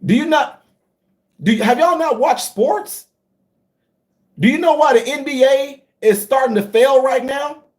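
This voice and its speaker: A middle-aged man hosting a casual livestream, talking straight to his viewers and swinging from low asides to loud outbursts. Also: a little slow, long pauses. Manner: animated, talks straight to viewers, swings from low to high shouts. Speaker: livestream host.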